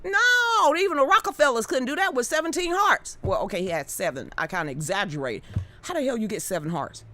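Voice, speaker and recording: A woman's voice: fairly high pitch, animated, bright, forceful tone, no room sound. A woman hosting a live stream, chatting loosely and joking while reading comments and articles. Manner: loose and joking, quick asides, Southern-leaning slang. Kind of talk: casual chat reading comments.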